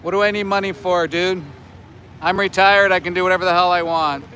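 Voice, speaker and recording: A man's voice: high voice, fairly even intonation, brisk, bright, forceful tone, slight background noise. Sarcastic man livestreaming outdoors. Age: 40s. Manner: sarcastic, scolding, talks back to chat. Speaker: livestreaming activist. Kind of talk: livestream chat with viewers. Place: outdoors near a slaughterhouse by homes.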